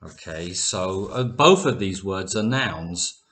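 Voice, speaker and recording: A man gives an online English lesson in a fairly low voice. He speaks very slowly and deliberately and repeats each example word so the learner can catch the difference. His manner is patient and clear. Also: a bit bright. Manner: slow, careful explanations with repeated example words. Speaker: English teacher.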